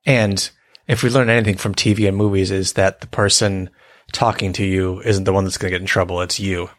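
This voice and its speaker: Relaxed, thoughtful male podcast co-host with a somewhat low voice. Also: brisk. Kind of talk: casual chat.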